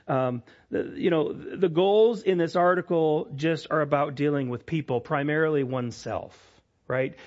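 A man preaching a sermon with a voice that sits a little high. He is earnest, lifting his voice to stress his main points. The recording sounds dull and lo-fi. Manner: earnest, rising to emphatic peaks, drops soft for quoted apologies. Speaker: pastor.

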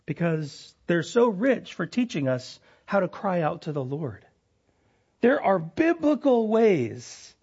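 Pastor, male, higher voice, lively preaching swinging emphatic to hushed; lo-fi church recording. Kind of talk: sermon. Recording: lo-fi dull sound.

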